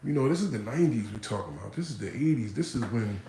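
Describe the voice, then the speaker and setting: A man casually telling his life story, often checking in with the listener, growing animated when he acts out other people. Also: mid-range voice, fast talker, creaky, roomy sound, a little hiss or hum, poor audio. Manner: conversational, frequent "you know what I'm saying", animated when quoting others. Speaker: vlogger.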